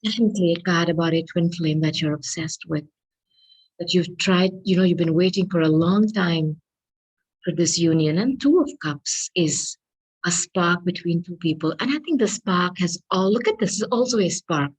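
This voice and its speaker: A woman's voice: lowish voice, normal speed, slightly rough, poor audio. A woman giving a tarot reading, speaking earnestly and affectionately to her listeners and calling on angels. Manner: spiritual, invokes angels. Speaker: tarot reader.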